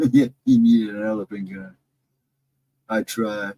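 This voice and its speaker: A man's voice: fairly low pitch, big pitch swings, slow, vocal fry, warm tone, husky, low-quality recording. A middle-aged man telling a personal encounter story in a casual, rambling way, correcting himself and adding asides. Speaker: storyteller on a live chat show.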